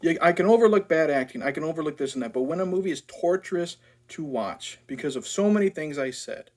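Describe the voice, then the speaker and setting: A man's voice: on the high side, animated, quick pace, a little mellow. A man ranting in a casual movie review, blunt, profane and sarcastic.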